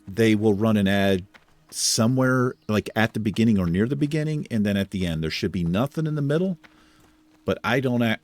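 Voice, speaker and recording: A laid-back man with a low voice hosts a video game playthrough, talking to his viewers as he plays. His delivery is loose and lively, with lots of rise and fall. He swears casually and chuckles along the way. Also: no room sound. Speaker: host. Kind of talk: casual gameplay commentary.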